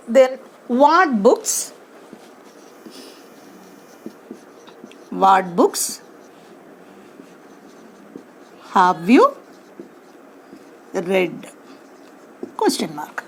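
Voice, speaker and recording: A woman teaching grammar to her class, speaking, stressing words and asking the class questions. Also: on the high side. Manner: slow, emphatic, asks the class questions. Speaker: English teacher.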